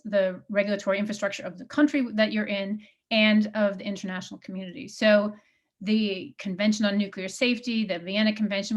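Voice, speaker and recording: A woman speaking as a panelist in a discussion, halting and restarting often. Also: mid-range voice.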